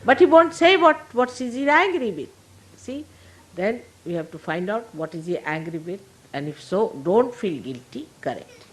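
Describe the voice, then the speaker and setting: A woman giving an informal spiritual talk to followers, gentle, humorous and motherly. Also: medium pitch, sing-song, normal speed, rough recording. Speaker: spiritual teacher.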